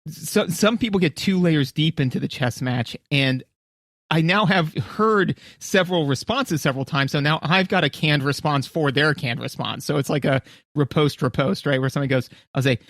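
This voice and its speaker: A man's voice: on the high side, normal speed, a bit bright, no room sound, clean studio sound. A man co-hosting a casual podcast chat who tells stories playfully and does voices for people he quotes. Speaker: podcast co-host.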